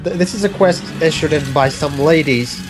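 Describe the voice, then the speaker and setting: A man giving casual gaming commentary, halting with fillers and restarts as he recaps a side quest. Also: a little high. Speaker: let's play commentator. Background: game music.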